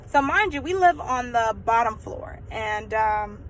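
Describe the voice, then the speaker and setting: A young woman with a fairly high voice tells a personal story to her vlog audience. She talks in a casual, animated flow, leaning on lots of fillers as she goes. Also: a little slow, a little hiss or hum, rough recording. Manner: chatty, animated, many fillers. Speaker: vlogger.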